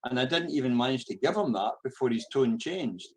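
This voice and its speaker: A man's voice: mid-range voice, lively intonation, fairly quick, husky, low-quality recording. Scottish man telling stories in a lecture. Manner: storytelling, acts out the voices of the people he quotes; repeats words while searching for the next phrase. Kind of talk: anecdotal lecture.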